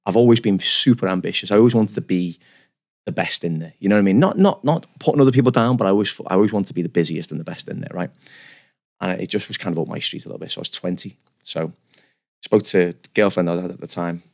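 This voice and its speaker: Fast-talking gravelly man. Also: deep voice. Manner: animated, self-deprecating, rambling with restarts. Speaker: guest barber. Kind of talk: casual podcast storytelling.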